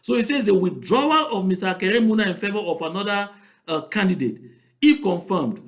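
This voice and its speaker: A man's voice: high-pitched, expressive, a little fast, reverberant. A man speaking Cameroonian Pidgin English, giving mocking, emphatic political commentary and repeating points for stress.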